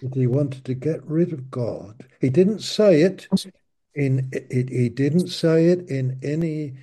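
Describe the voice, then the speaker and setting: A man gives informal Bible teaching in a slow, unhurried delivery. His voice is husky and mellow, and he often stops and restarts his phrases. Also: on the high side. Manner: slow, halting, with many restarts and asides. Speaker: preacher.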